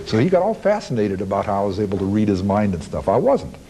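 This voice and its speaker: A man's voice: fairly low pitch, sing-song, quick pace, warm tone, a little hiss or hum, poor audio. A man recounting events in an archival interview, plain-spoken and blunt, rambling through his recollections.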